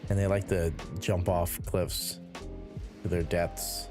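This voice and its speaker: A man's voice: sits low, flat delivery, takes it slowly, music in the background. A man streaming a building game, rambling casually and reading viewer chat aloud between giggles.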